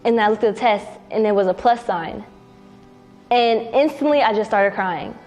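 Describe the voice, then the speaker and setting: A woman's voice: medium pitch, moderate pace, darkish tone, soft background music. A young woman telling a personal story casually in a documentary interview, acting out what people said. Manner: casual, acts out quoted dialogue with a rising voice.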